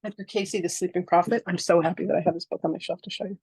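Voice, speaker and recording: Animated woman in her sixties teaching. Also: on the low side, racing, slightly rough, no echo. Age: 60s. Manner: animated storytelling, acting out quoted exchanges; frank and emphatic, with occasional swearing. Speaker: spiritual teacher. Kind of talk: live online masterclass talk.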